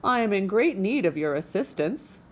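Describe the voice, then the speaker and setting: A woman's voice: medium pitch, very animated, normal speed, a little hiss or hum, voice pushed up, lightly acted. A woman voicing a polite female robot who speaks in precise, formal, literal phrases in a storybook reading.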